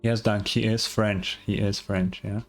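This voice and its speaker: Low-voiced rambling European streamer. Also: male voice, flat delivery, unhurried. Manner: rambling, repeats himself, chats with viewers. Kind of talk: casual live-stream commentary. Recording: stream with game music.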